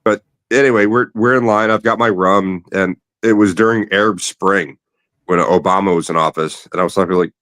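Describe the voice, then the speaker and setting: Guy, low voice, rambling swear-heavy stories, dry close mic. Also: steady tone, brisk, a bit bright, no room sound. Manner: rambling storyteller, swears freely. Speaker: podcast host. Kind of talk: casual late-night chat.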